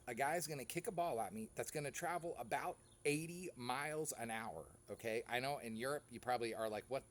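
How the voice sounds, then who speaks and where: Man, goalkeeper recapping a match, casual storytelling, lively rising and falling pitch. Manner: animated storytelling, acts out other players. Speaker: amateur soccer goalkeeper.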